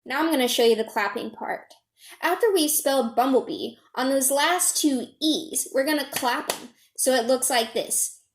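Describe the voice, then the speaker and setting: A woman's voice: sits high, normal speed. A woman music teacher giving an online children's lesson, upbeat and encouraging as she chants spelled-out letters. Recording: roomy and noisy home recording.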